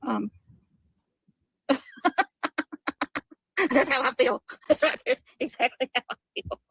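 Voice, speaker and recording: A woman's voice: high-pitched, animated, takes it slowly, gravelly, a bit bright, husky, no room sound. A woman livestreamer in a played clip who giggles and rambles hesitantly.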